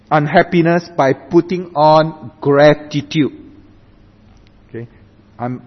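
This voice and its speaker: Slow emphatic male pastor, echoing hall. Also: fairly high pitch. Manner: slow and emphatic, often asks "right?". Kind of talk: sermon. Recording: dull recording with long hall reverb.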